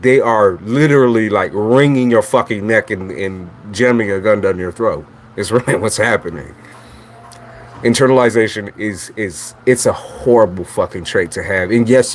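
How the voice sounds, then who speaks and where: Blunt, laughing lower-voiced man. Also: a little hiss or hum. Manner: blunt, chatty, swears freely, laughs often. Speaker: tarot reader. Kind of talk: casual livestream monologue.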